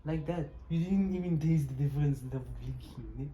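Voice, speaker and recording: A man's voice: a little high, a little fast, warm tone, a little hiss or hum. A South African man co-hosting a couple's vlog, teasing his partner and laughing often in playful casual chat. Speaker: co-host of a couple channel.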